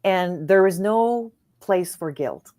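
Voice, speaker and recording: A middle-aged woman coach, a podcast guest, telling a personal story in an earnest, animated way and acting out the dialogue. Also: lowish voice, slow. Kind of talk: conversational storytelling.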